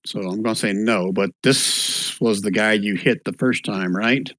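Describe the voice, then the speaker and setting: A man running a tabletop game online as dungeon master, relaxed and thinking aloud as he rules. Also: lowish voice, unhurried, no echo.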